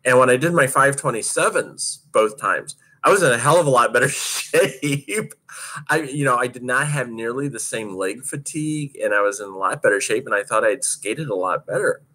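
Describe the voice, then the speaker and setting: A man's voice: mid-range voice, normal speed, bright, forceful tone. A man casually recounting a hard skating practice, laughing often and swearing freely as he tells it. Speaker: roller derby skater recounting practice. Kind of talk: casual storytelling monologue.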